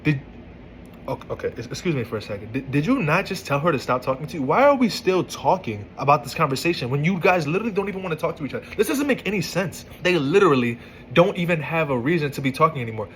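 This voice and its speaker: A man's voice: a little high, big pitch swings, fast, fairly bright tone, a little hiss or hum, rough recording. Exasperated man reacting to texts. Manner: exasperated, stammering restarts, incredulous. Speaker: commentator reading text messages. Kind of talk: casual reaction commentary.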